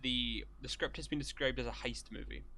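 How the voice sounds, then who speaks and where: A young man with a mid-pitched voice leads a casual podcast chat. He quizzes his co-host, cracks jokes and restarts his sentences as he goes. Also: fairly even intonation, bright, forceful tone, slight background noise. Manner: quizzing, joking, halting restarts.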